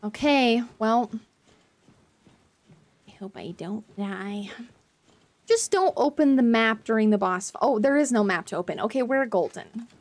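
A woman's voice: fairly high pitch, lively intonation, a little slow, pauses often. A young woman streaming a game, reacting with emotion and rambling with many fillers. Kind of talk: live game commentary.

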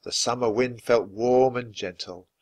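A man reading a children's chapter book aloud, narrating clearly and expressively. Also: medium pitch, a little slow, darkish tone. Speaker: storybook reader.

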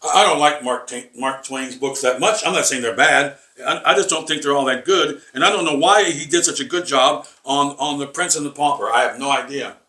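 A man teaching a rambling Bible lesson, halting and repeating words with many fillers, emphatic and combative. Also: on the high side, sharp tone. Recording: echoey room, voice from far off.

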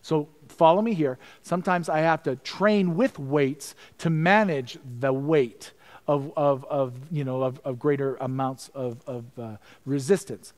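Middle-aged man, pastor preaching, storytelling, stammering repeats, higher-pitched voice, quiet prayerful passages. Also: unhurried. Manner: storytelling, drops to a hushed voice for prayers. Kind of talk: sermon.

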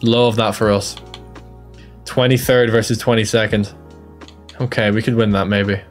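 A man's voice: fairly low pitch, steady tone, moderate pace, soft background music. A young Irish man giving casual, jokey live commentary on a game, self-deprecating and chatty. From Ireland. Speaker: streamer.

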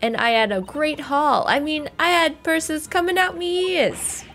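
A cheeky young street thief girl , voiced by a woman, boasts full of slang. Her voice sits high and bright. Faint music runs underneath. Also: measured pace. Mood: boastful.

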